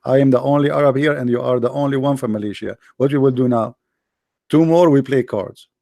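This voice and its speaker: A middle-aged man hosting a livestream, joking sarcastically and reading the chat aloud, in halting non-native English. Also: mid-range voice, vocal fry, dark tone, no room sound, clean studio sound. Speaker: livestream host. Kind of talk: casual live-chat banter.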